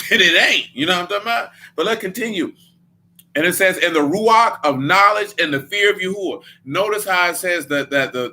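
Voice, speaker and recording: A man's voice: on the high side, bright, forceful tone. A man leading a Bible study in a casual preaching style, blunt and emphatic, with a lot of slang.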